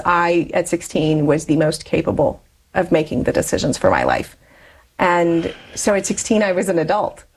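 A woman's voice: lowish voice, darkish tone, husky, rough recording. A woman in her forties, a guest in an interview, telling a personal story in a chatty way and laughing often between phrases.

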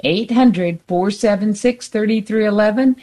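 A woman's voice: mid-range voice, mellow. Woman co-hosting a radio pledge drive. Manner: reads the phone number slowly and deliberately. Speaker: radio fundraiser co-host. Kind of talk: on-air fundraising appeal. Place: radio studio.

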